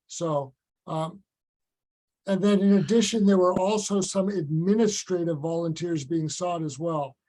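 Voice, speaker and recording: High-voiced man chairing a video call. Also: steady tone, measured pace, mellow, poor audio. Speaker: meeting chair. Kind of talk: virtual meeting remarks.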